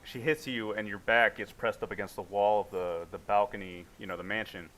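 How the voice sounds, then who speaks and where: A male game master with a lowish voice narrates the action in a vivid, casual way. He sets scenes and calls for rolls in a tabletop role-play. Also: fairly even intonation, fairly quick, fairly bright tone, poor audio.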